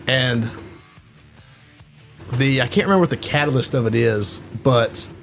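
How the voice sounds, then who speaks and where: Man, casual podcast chat, rambling storyteller, filler-heavy, mid-pitched voice, soft music underneath. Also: unhurried, vocal fry. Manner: rambling, full of "like" and "you know". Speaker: podcast co-host. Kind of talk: casual chat retelling a movie plot.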